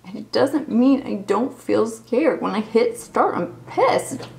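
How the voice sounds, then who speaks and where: A woman's voice: on the high side, measured pace, gravelly, a little mellow, rough recording. A woman in her forties talking in an unscripted personal video diary, candid, emotional and rambling as she opens up. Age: 40s. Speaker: vlogger.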